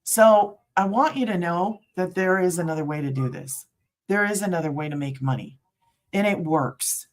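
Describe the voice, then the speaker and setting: A woman's voice: on the low side, normal speed. A middle-aged woman promoting a work-from-home business in casual livestream chat, rambling and interrupting herself, laughing often.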